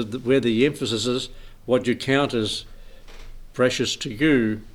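A man leading an informal Bible study, rambling, chuckling often and reading scripture aloud. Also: medium pitch.

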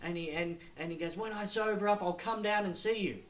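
A man's voice: sits high, fairly quick. A man preaching a sermon, telling a story and then building to emphatic, repeated warnings.

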